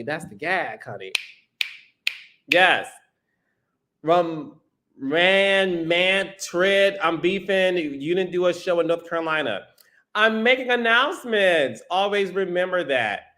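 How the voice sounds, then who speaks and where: A man's voice: sits high, expressive, a little slow, bright, forceful tone. A man hosting a live stream, reading out viewer comments in a sassy, playful way and calling people honey and child. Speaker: podcast host.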